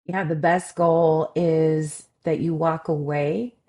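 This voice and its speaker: A woman with a notably low-pitched voice speaks as a relationship coach and podcast host. She is loud and expressive, telling personal stories in a candid, conversational way. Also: takes it slowly, dull audio.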